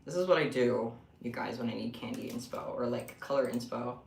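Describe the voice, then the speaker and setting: A young man chatting casually on a home craft livestream, expressive and rambling. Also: medium pitch, fairly quick, vocal fry, slight background noise. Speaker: craft streamer. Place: room at home. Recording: echoey room.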